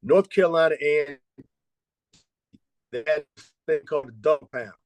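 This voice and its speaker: A man in his fifties, a former college basketball head coach, telling lively stories and peppering them with "man" and "you know". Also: a little high, normal speed, dry recording. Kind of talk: storytelling interview answers.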